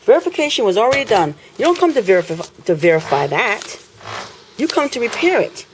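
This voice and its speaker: A woman's voice: on the high side, very animated, fairly quick, slight background noise, low-quality recording. A woman, filming an impassioned complaint in her apartment, talking indignantly and repeating phrases for emphasis.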